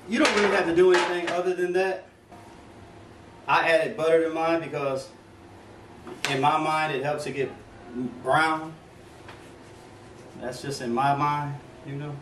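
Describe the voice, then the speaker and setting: In his home kitchen, a middle-aged man walks viewers through a home recipe, playful and joking, talking straight to them in Southern US slang with plenty of asides. His medium-pitched voice sits far from the mic, with room echo and a faint background hum.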